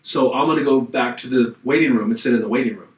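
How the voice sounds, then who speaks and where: Recorded from a distance with roomy, poor-quality audio, a middle-aged man co-hosting a podcast speaks quickly in a medium-pitched voice. He's in casual chat, spinning a long personal story and lively performing each quoted voice.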